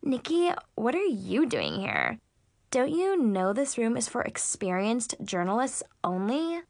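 A fake-sweet, snobby teenage girl who gushes in a high, sugary, drawn-out voice, as a woman narrator puts her on. The sound is close and completely dry, with no room at all. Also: wildly swooping pitch, no room sound, heavily acted. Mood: snooty.

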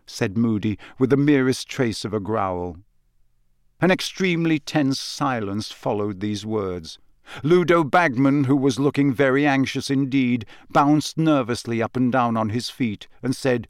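A man narrating a fantasy novel audiobook in an expressive reading. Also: medium pitch, a little slow, smooth, dry recording, clean studio sound. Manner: expressive, lively.

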